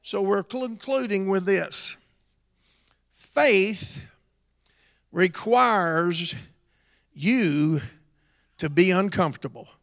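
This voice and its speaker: A high-pitched man preaching to his church, his voice gravelly and unhurried as it swings from full shouts down to hushed storytelling. Long reverb from the sanctuary trails behind every line. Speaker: pastor. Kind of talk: sermon.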